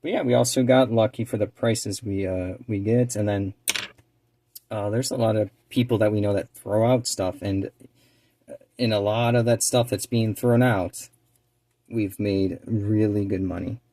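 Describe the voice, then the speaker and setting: A man's voice: fairly low pitch, normal speed, no room sound. A man chatting casually and rambling with lots of fillers while he works on a small craft task. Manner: rambling, relaxed, many fillers; drops to a quiet near-whisper while focusing. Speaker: eBay reseller and channel co-host.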